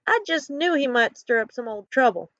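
A woman's voice: fairly high pitch, expressive, normal speed, fairly bright tone, dry recording, pitched above the performer's own voice. A woman voicing a friendly young cowgirl who speaks sweetly and soothingly. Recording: dull lo-fi recording.

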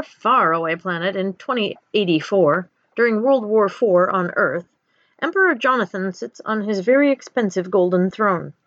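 A woman narrating a children's story aloud in an expressive storytelling manner. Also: fairly high pitch, no echo, highs cut off.

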